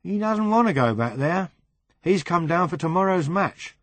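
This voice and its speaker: A man voicing Brian, a flustered, tipsy man who talks in a rushed, exasperated way. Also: lively intonation, fairly bright tone, no room sound. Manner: high-pitched, rushed and exasperated.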